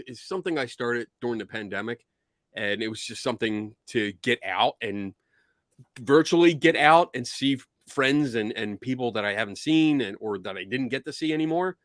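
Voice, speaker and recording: A man with a Philadelphia accent hosting a casual live-stream chat, excitable, laughing often and swearing casually. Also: medium pitch, moderate pace, dry recording, clean studio sound. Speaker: host.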